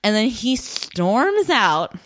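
A woman's voice: on the high side, very animated, takes it slowly. A woman chatting casually as a podcast co-host, recapping a show, swearing often and acting out the characters' lines. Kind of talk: casual chat.

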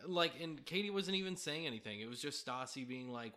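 A man's voice: a little high, lively intonation, brisk, bright, forceful tone. A young adult man co-hosting a casual podcast, easygoing and agreeable, filling with "like" and "um". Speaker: podcast co-host. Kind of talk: casual chat about a reality show.

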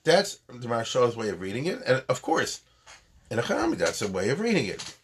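A man's voice: medium pitch, big pitch swings, brisk, a little hiss or hum. A man teaching Talmud in a chatty, digressive lecture style, often restarting his sentences.

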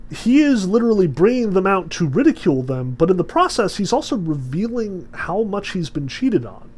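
A man's voice: on the high side, a little mellow. A man giving a casual lecture to a class, rambling with many fillers.

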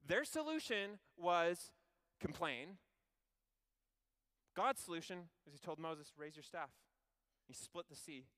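Bright, clear-voiced man preaching. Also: sits high, slow. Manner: animated, conversational storytelling with wry asides. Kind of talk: sermon.

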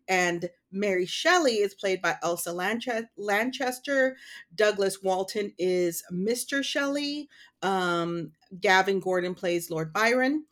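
A woman's voice: medium pitch, a bit bright. A woman co-hosting a casual podcast chat, chatty and giggly, often trailing into fillers. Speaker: podcast co-host.

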